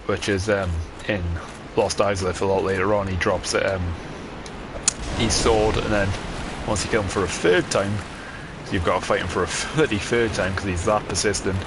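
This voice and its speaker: A man's voice: lowish voice, steady tone, normal speed, noisy background. A man giving casual gameplay commentary, rambling and chatty with many ums and mild swearing. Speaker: gamer.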